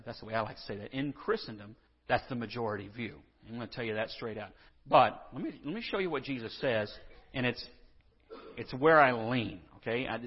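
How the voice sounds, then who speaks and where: A man's voice: medium pitch, husky. A male pastor preaching a conversational, earnest sermon and reading scripture in a church. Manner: conversational and earnest, with restarts and asides. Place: church sanctuary. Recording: dull lo-fi sound with long hall reverb.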